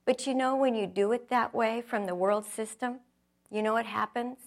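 A woman's voice: on the high side, steady tone, normal speed. A middle-aged woman giving an earnest, reflective personal testimony, telling her story with acted quotes.

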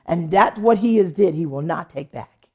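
A woman's voice: on the low side, expressive, moderate pace, mellow, slightly rough. A woman pastor preaching a sermon, telling a testimony and acting out the voices of people she quotes. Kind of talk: sermon with storytelling.

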